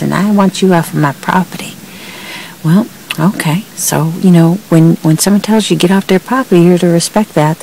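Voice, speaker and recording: A woman's voice: sits low, gravelly, darkish tone, distant mic, a little hiss or hum, low-quality recording. A woman who works as a process server, chatting in a rambling vlog style with many fillers and restarts, laughing between sentences. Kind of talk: casual storytelling vlog.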